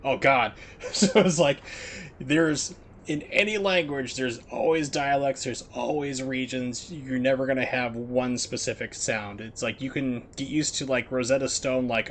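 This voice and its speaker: A man's voice: medium pitch, unhurried, slight background noise. Chatty American man streaming a game. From United States. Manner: rambling, filler-heavy, chatty. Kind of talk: casual chat while gaming.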